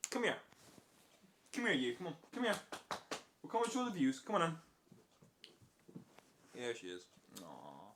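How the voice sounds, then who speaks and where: A young man rambles through a casual vlog and keeps restarting his sentences. He scolds and coos at his dog in a slightly high voice. His pitch bounces around a lot. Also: huge pitch swings, takes it slowly, pauses often, a bit bright. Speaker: vlogger.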